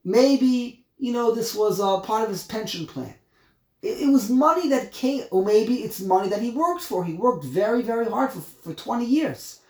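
A man teaching a text study class, explaining word by word, animated and emphatic, often repeating himself. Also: sits high, moderate pace, reverberant. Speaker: Torah teacher.

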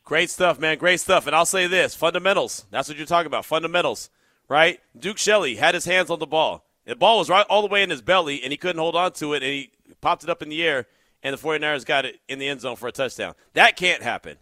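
Sports radio guy, bright punchy voice, hyped up and loud when he gets going, dry studio sound. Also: on the high side, quick pace, no room sound. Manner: energetic, animated, shouts when excited. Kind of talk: call-in sports talk radio. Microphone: studio mic.

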